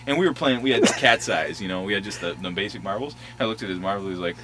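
Bright-voiced man reminiscing outdoors. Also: on the low side, racing, slight background noise, rough recording. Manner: animated, acts out quotes and sound effects, laughs often. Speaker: storyteller revisiting his old school. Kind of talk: casual reminiscing. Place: outdoors at a schoolyard.

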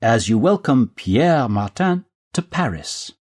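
A man presenting a scripted language course, giving clear instructions. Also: medium pitch, very animated, takes it slowly, a little mellow. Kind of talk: scripted language-lesson narration.

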